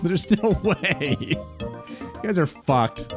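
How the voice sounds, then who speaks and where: A man's voice: fairly high pitch, very animated, moderate pace, soft background music. A man chatting casually on a gaming stream, teasing and mock-incredulous.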